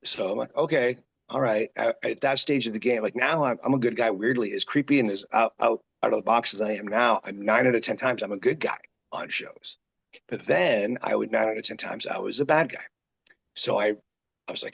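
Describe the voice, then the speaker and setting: Gravelly low-voiced man telling stories. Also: fairly quick, lo-fi sound. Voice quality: gravelly, raspy deep voice. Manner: rambling, animated, full of quoted asides. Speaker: guest pro wrestler. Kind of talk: casual interview storytelling.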